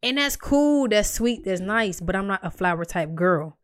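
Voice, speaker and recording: A young woman tells a personal story in a blunt, heavily profane, animated way. Her voice sits at an ordinary middle pitch and is recorded close and dry, with no room sound. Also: moderate pace, dry recording. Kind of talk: casual storytelling.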